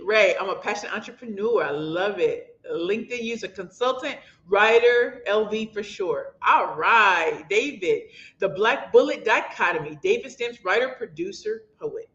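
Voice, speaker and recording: On a motivational livestream, a St. Louis author with a St. Louis accent speaks impassioned and preachy, calling everyone y'all. Her mid-range voice is animated and moderately paced. Audio comes across as echoey and dull, with lo-fi room sound; she's from St. Louis, USA, and hosts the stream.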